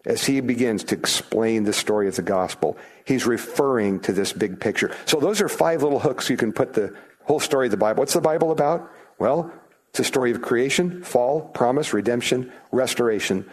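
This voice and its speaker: A man's voice: lively intonation, a little fast, breathy edge. A man preaching a sermon to his church, chatting with the congregation, asking them questions and acting out quoted voices. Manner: conversational, asks the congregation questions; acts out quoted voices with rising pitch. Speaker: pastor.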